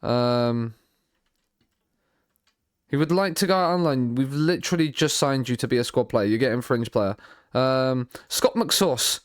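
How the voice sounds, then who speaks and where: A man streaming a football management game, thinking out loud in a rambling way, often repeating and restarting his words, with dry sarcastic asides. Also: medium pitch, unhurried, long pauses, smooth, no echo. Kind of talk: live stream commentary while playing a football manager game.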